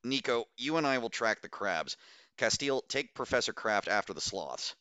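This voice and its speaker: A man's voice: mid-range voice, expressive, moderate pace, bright, forceful tone, clean tone, dry recording, pitched above the performer's own voice. A man voicing a female expedition commander who gives urgent, clipped orders in an audiobook. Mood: commanding. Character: female expedition commander, decisive under pressure.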